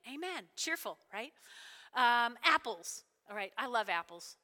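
A woman preaching a sermon in a lively, animated way, checking in with the congregation with frequent "all right?" and "right?". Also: medium pitch, normal speed. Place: church sanctuary. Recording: long hall reverb.

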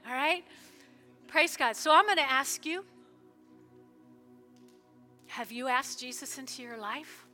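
A woman pastor preaching in a church service, fervent, with sudden loud bursts and soft prayerful stretches. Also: high-pitched, slow pace, pauses often, faint music behind, a faint crowd. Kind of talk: sermon with altar call prayer.

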